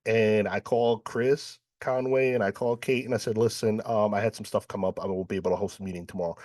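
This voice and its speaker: A man's voice: lowish voice, steady tone, fast talker, a little mellow, no room sound, clean studio sound. A man from New York hosting a panel, telling a personal story and acting out the dialogue. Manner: storytelling, acts out quoted dialogue, frequent "right?". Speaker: panel host. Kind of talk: panel discussion.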